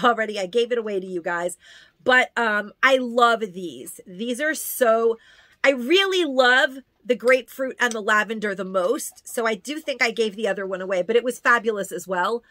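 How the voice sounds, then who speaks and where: Her voice is fairly high, bright, and forceful, at normal speed and recorded dry. This New Yorker walks through a product haul in a casual, gushing way, repeating words to emphasize them.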